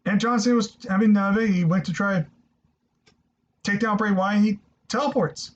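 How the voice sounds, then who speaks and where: Male reviewer, high voice, excitable rambling delivery, muffled lo-fi sound. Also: a little fast. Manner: excitable, rambling, swears freely. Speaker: wrestling show reviewer. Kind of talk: casual spoken review. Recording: dull lo-fi recording.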